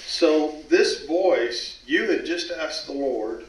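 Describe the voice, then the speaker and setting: A man interviews his guest, restating what was said in a slow, measured way. His fairly high voice rings in a roomy, echoey space. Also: animated. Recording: roomy echo.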